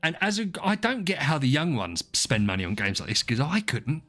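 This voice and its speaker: A man's voice: a little high, big pitch swings, brisk, a bit bright. A man, live-streaming and chatting casually to his viewers, rambling and joking about himself. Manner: rambling, self-deprecating, talks to chat by name. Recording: faint music behind.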